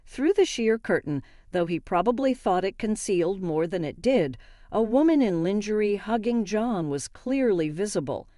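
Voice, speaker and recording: An older woman reading a dramatic family story aloud in a steady, even manner. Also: mid-range voice, moderate pace, no room sound, clean studio sound. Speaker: narrator. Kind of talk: scripted story narration.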